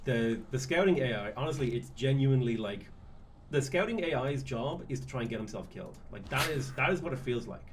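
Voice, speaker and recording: A man casually coaching a friend through a strategy game, giving relaxed tips with the odd curse. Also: mid-range voice, a little fast, a little hiss or hum. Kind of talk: casual gameplay chat.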